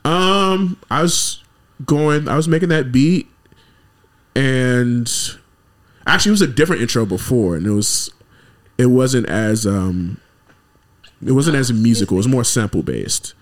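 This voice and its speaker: A man musician chatting on a podcast in an easygoing, rambling way. He speaks at a medium pitch, circling his thoughts with plenty of fillers. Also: measured pace, pauses often. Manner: relaxed, rambling with many fillers. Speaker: musician guest. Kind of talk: casual podcast chat.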